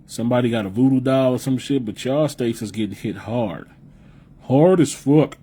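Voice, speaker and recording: This young man from the US Midwest has a medium-pitched, dark, slightly rough voice at normal speed. He hosts a live podcast in casual stream-style chat, reading viewer comments, cursing, and rambling repetitively.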